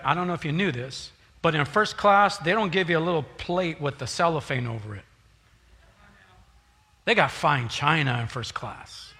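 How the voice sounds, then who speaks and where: A man pastor from San Jose preaching a sermon, telling a lively story with acted-out dialogue before rising into fervent preaching. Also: high voice, in a large hall. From San Jose, California.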